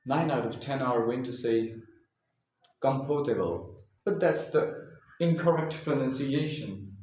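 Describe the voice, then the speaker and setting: A man's voice: mid-range voice, a little mellow, far from the mic. Man, pronunciation lesson, repeats words, echoey room, faint background hiss. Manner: repeats each word several times, drilling. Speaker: English pronunciation teacher. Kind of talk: slow, deliberate pronunciation lesson.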